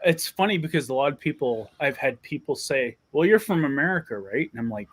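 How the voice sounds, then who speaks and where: An easygoing man talks casually as a guest. His voice sits mid-range but moves a lot. He sounds relaxed and conversational. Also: mid-range voice, fairly quick. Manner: easygoing, laughs often. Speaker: stream guest. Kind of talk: casual chat.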